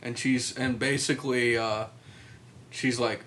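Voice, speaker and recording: A young man on a casual podcast who rambles through stories, swears often and jumps into loud acted-out quotes. His pitch sits in the middle range for a man. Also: level tone, moderate pace, a little hiss or hum. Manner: rambling storyteller, swears freely, acts out quotes in loud voices. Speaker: podcast co-host. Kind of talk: casual chat.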